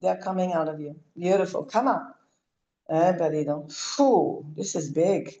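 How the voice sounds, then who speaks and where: A woman leading a live spiritual clearing session, speaking in commanding incantations and soft, coaxing asides. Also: low voice, fairly even intonation, a little slow, dull audio.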